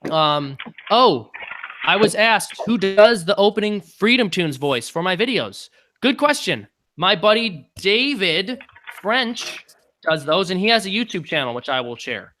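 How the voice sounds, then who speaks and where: A man hosting a casual live-stream Q&A, chatty and halting, with many ums. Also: high-pitched, very animated, bright, forceful tone, a little hiss or hum. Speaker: channel host.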